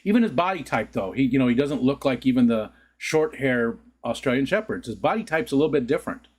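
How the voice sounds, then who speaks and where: A man's voice: medium pitch, lively intonation, fast, breathy edge. A man hosting a casual home livestream, chatting to his viewers in a loose, rambling way and laughing often. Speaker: livestream host. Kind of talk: casual chat to live viewers. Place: home room.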